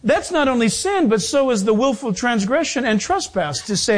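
A man preaching a sermon as pastor, emphatic and animated, with sudden shifts in pace. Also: extremely high pitch, moderate pace.

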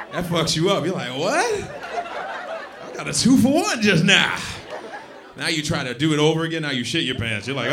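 A man's voice: on the high side, noisy background. A man doing a crude stand-up set in a comedy club, laughing at his own jokes and acting out voices. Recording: club with loud audience laughter.

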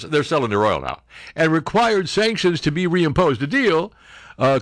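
Older male commentator, sarcastic and mocking, very lively pitch that leaps into silly voices, dry close sound. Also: dry recording. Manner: mocking, acts out silly voices for quoted people. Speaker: political commentary host.

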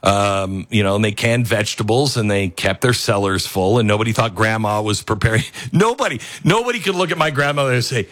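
An older man hosting a talk radio show, rambling and self-mocking as he reads the ads and mocks headlines in high put-on voices. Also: sing-song, normal speed, a bit bright, no echo, studio quality. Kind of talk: talk radio monologue with host-read ads.

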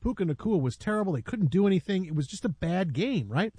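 A man's voice: sits high, big pitch swings, fast talker, warm tone, slightly rough, no echo. A man hosting a sports radio show, chatting playfully with his co-host and laughing often. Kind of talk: casual studio banter. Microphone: studio microphone.

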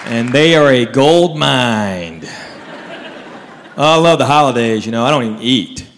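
A man doing a stand-up set, telling stories with animated impressions. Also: mid-range voice, unhurried, long reverb tail, a crowd in the background, background noise. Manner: Southern storytelling, animated impressions. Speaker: stand-up comedian.

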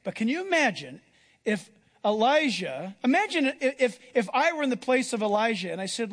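Animated high-voiced male preacher in a hall. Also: normal speed. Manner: animated storytelling, acts out Bible voices. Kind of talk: sermon. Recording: long hall reverb.

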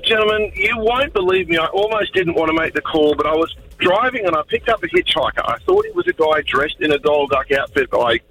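A man's voice: high voice, fast talker, few pauses, full character voice, rough recording. A man calling in to a radio show. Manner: tall-tale storytelling, animated. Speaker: caller.

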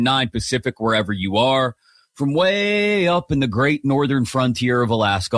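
Energetic male sports radio host. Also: medium pitch, no room sound, studio quality. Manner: upbeat, energetic broadcaster delivery. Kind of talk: live sports talk radio. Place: radio studio. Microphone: studio broadcast microphone.

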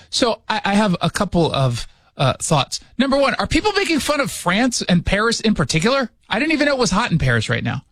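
A man's voice: high-pitched, wildly swooping pitch, fairly quick, fairly bright tone, no room sound. A man hosting a radio show from his studio, chatting casually with sarcastic jokes. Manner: sarcastic, joking asides. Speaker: radio host. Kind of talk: casual opinion chat.

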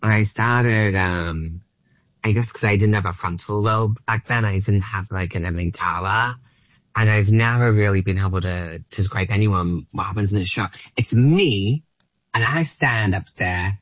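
A man's voice: fairly low pitch, normal speed, a bit bright, no room sound. A stand-up comedian in his late thirties, chatting casually as a guest in a rambling, self-deprecating way with lots of fillers. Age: late 30s. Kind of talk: casual interview chat. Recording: dry, slightly dull studio sound.

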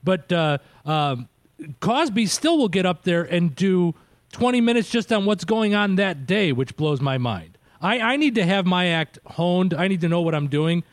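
A man with a somewhat high voice, recorded close and completely dry. He hosts a casual chat with a fellow comedian, talking freely and asking eager questions. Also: lively intonation, moderate pace, no room sound. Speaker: host and comedian.

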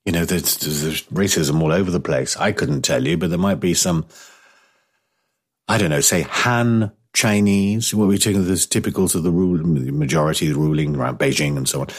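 A man's voice: deep voice, moderate pace, breathy edge. A British man hosting a talk radio show, chatting casually and rambling with many restarts. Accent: British English. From Britain.

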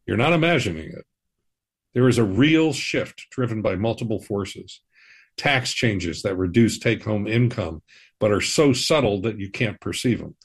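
Male finance host, husky and animated, steady reassuring delivery. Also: lowish voice. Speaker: financial advisor, podcast host. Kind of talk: scripted personal-finance talk.

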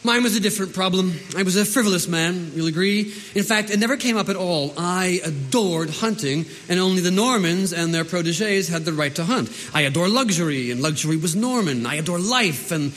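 A man's voice: sits high, expressive, fairly quick, few pauses, fairly bright tone. An actor playing a suave, witty nobleman courtier in a radio drama, urbane and courteous with a dry, amused wit. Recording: long reverb, faint ambience.

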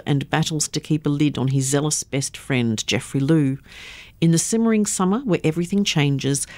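A woman hosting a radio show, presenting in a clear, steady scripted way. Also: low-pitched, no echo.

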